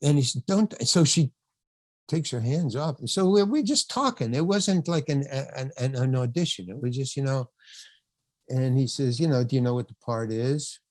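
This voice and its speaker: An older man, a podcast guest, telling an anecdote in a rambling, halting way, full of restarts and asides. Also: mid-range voice, animated, no echo. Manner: rambling, halting, many restarts and "you know". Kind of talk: storytelling anecdote in casual chat.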